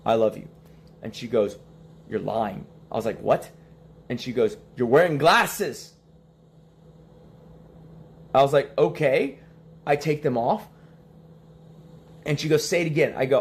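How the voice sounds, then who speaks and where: A man's voice: mid-range voice, moderate pace, creaky, long pauses, a little mellow, slight background noise. A young man telling a story in casual stream talk, acting out the quoted lines and laughing between them.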